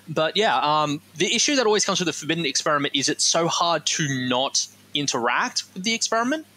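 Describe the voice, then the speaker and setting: A man's voice: a little high, lively intonation, a little fast, sharp tone, poor audio. A man co-hosting a casual podcast discussion, rambling and leaning on "as such". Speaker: podcast co-host.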